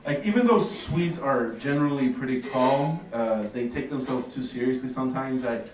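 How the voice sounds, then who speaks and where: A man's voice: medium pitch, normal speed, darkish tone. A man doing a stand-up comedy set in a café, talking in a laid-back, swearing way with lots of fillers. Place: café stage with audience. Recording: roomy, distant, noisy room recording.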